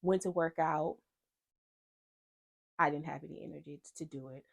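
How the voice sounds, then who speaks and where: Woman vlogger, low and gravelly, casual animated storyteller. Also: moderate pace. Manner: animated, acts out quoted people in dialogue.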